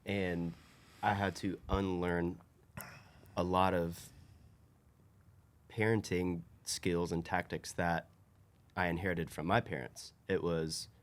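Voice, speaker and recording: Low-voiced man telling a story. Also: takes it slowly. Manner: storytelling, animated when quoting others. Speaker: podcast co-host. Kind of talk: casual podcast chat.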